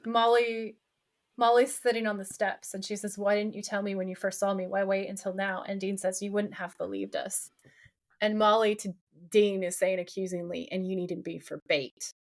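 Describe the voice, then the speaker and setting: A woman co-hosting a podcast, retelling a TV episode in casual chat, quoting lines and ranting along the way. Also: medium pitch. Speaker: podcast co-host.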